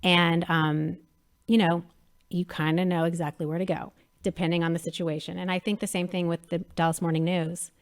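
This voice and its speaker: A woman in her thirties, a media company president chatting as an interview guest, telling lively stories and acting out quotes. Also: fairly low pitch, moderate pace. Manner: animated storyteller, acts out quotes. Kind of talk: casual interview chat.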